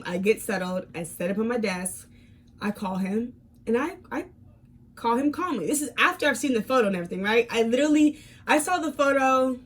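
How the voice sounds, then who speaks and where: Animated young woman telling a storytime. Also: on the high side. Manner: animated retelling, swinging from calm to heated; frequent fillers and repeated words. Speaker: fitness vlogger. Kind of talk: casual storytime vlog.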